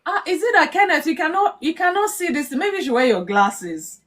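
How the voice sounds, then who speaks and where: A woman's voice: very high-pitched, big pitch swings, moderate pace, a bit bright. A woman hosting a live online chat about marriage, teasing her guests playfully and closing in an earnest, prayerful tone. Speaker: host of a live marriage talk. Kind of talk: casual live-stream chat.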